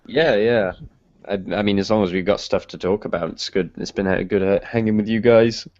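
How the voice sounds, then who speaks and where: A tired man chatting late at night in an online group hangout, relaxed and easygoing. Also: fairly low pitch, a little fast. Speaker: online hangout participant and writer. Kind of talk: casual group video chat. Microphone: computer mic on a video call. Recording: muffled lo-fi call audio.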